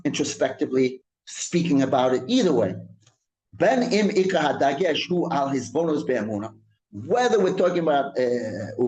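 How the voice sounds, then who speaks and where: A rabbi teaching a Torah class. He reads Hebrew text quickly and explains it in English, repeating and restarting his phrases. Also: a little high, darkish tone, roomy sound, low-quality recording. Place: synagogue room.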